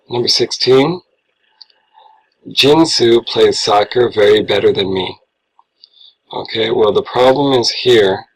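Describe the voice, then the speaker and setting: Slow, gravelly-voiced male English teacher. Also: lowish voice, rough recording. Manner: patient, explains step by step, talks through his writing. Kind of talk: grammar lesson correcting worksheet answers.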